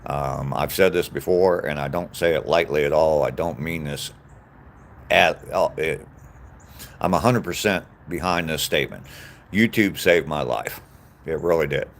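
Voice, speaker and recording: A man in his sixties with a bass voice and vocal fry speaks a little slowly on a casual live stream while walking an outdoor trail. He reads comments and greets viewers by name with lots of ums, and the audio carries a little hiss or hum.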